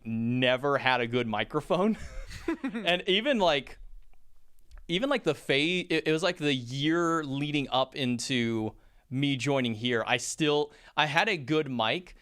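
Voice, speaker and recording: A man's voice: medium pitch, pushed and bright, clean tone. A man who casts esports, telling stories in a casual chat and rambling with lots of fillers and restarts. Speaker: esports caster and podcast guest.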